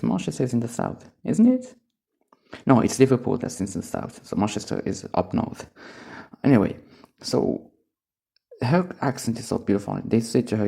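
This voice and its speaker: A man speaks English as an after Arabic, wandering through a relaxed solo recording while high on cannabis. His voice sits low and dark, with a gravelly fry running through it. He drifts from thought to thought and chuckles along the way. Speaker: English teacher. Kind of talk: casual recorded monologue.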